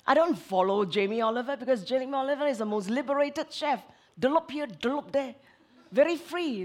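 A woman who is a counselor, preaching a sermon in an expressive way, moving between emphatic lines and hushed asides. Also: high voice, brisk.

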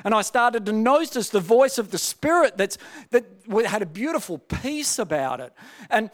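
Brief: male preacher, high for a man, testimony style, repeats and restarts. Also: sing-song, moderate pace. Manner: personal testimony with many restarts and rhetorical questions. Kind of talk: sermon.

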